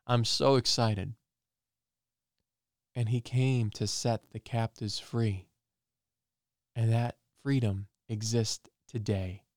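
A man's voice: on the low side, steady tone, takes it slowly, long pauses, dry recording, clean studio sound. A man giving an earnest personal testimony and preaching, repeating phrases for emphasis.

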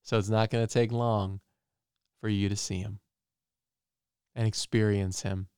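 Earnest low-voiced man preaching. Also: level tone, measured pace, a little mellow, clear, resonant tone, dry recording, clean studio sound. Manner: earnest, repeats phrases for emphasis. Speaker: preacher sharing testimony. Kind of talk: personal testimony and preaching.

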